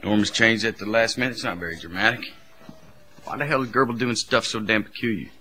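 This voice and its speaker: Wary officer, male, a deep, gruff, clipped delivery, bright edge, faint noise. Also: a little fast. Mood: irritated.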